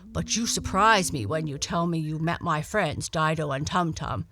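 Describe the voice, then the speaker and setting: A woman voicing a male dog who is gruff and cross at first but good-hearted, with a hearty, blustery way of talking. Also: sits low, lively intonation, normal speed, crowd noise.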